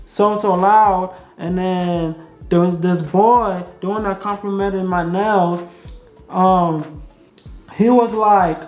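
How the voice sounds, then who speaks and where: A woman's voice: fairly low pitch, steady tone, slow pace, darkish tone. A young woman vlogger telling a casual story, chatty and repetitive with many fillers. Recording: echoey room, dull sound, faint music.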